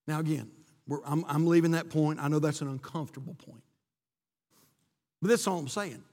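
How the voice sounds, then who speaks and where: Impassioned high-voiced preacher in a reverberant church. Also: male voice, normal speed, darkish tone. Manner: impassioned preaching, reading scripture aloud. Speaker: pastor. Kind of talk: sermon. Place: church sanctuary.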